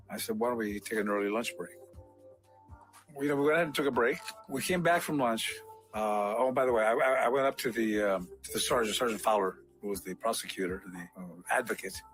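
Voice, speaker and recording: A man's voice: medium pitch, rough recording. Older man telling a story. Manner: animated retelling, acts out quotes, frequent fillers. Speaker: civilian member of a police disciplinary board. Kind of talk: storytelling interview.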